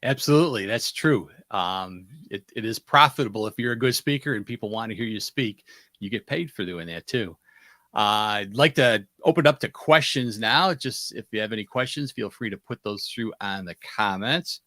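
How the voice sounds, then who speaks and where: A chatty male host on a video call, with a low but bright voice. The sound is dry and close. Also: lively intonation, moderate pace, no echo. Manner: chatty, with fillers. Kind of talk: webinar hosting.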